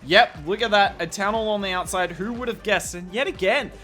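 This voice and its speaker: Speaking a little fast, a young man with an Australian accent and a high-pitched, pushed, bright voice runs commentary over a game replay. As a strategy video commentator, he keeps it chatty and candid, with jokes at his own expense.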